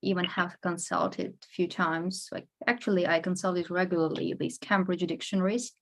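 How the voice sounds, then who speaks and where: A woman hosting a relaxed interview about pronunciation, her voice sitting low with a gravelly fry. She asks questions and fills the pauses with soft agreeing murmurs. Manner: attentive, frequent murmured agreement. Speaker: host. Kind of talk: casual interview.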